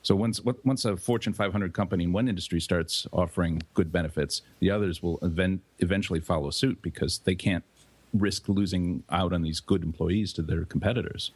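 A man on a podcast panel, calmly explaining things at length in casual chat. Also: low-pitched, fairly quick, breathy edge.

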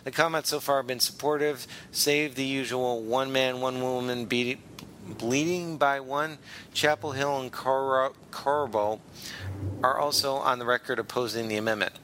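A man's voice: medium pitch, fairly even intonation, moderate pace, pushed and bright, a little hiss or hum, natural voice. A man reading the news in a put-on North Carolina accent, stumbling over words as he goes. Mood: mock drawl. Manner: stumbling over words, then correcting himself.

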